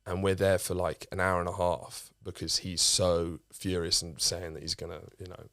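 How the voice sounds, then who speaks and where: A man's voice: low-pitched, level tone, normal speed, a bit bright, dry recording, clean studio sound. A man, a comedian guest telling a rambling story in casual chat, with many restarts and casual swearing.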